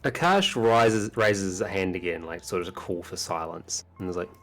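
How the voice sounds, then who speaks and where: A man narrating a tabletop game as game master, describing scenes in an unhurried way. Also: sits low, a bit bright, faint music behind.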